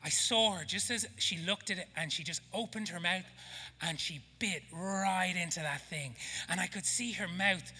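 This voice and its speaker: Irish man, pastor, thirties, sermon, bright cutting voice, fairly high pitch, reverb from a church hall. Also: normal speed, breathy edge. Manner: passionate, humorous preaching, dropping to near-whispers in prayer. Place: church auditorium.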